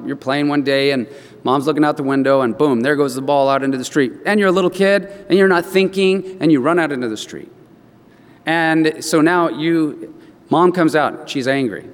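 A male pastor preaches with a lively, swooping delivery, his voice set a little high for a man. He tells homely stories to his congregation. A long hall reverb trails every phrase, as if he is in a church sanctuary. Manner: animated storytelling with expressive rises. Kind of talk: sermon.

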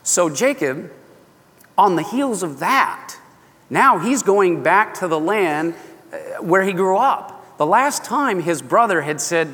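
A man preaching a sermon, telling a scripture story in an animated, folksy way that often breaks off mid-phrase. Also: high voice, slow pace. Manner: animated, folksy, self-interrupting. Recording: long echo of a large hall.

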